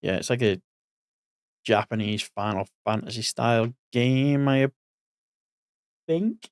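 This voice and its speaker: A man's voice: mid-range voice, takes it slowly, dry recording, studio quality. A man in his forties giving casual gaming commentary as a streamer, rambling and thinking aloud, a bit sleepy. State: sleepy, yawning.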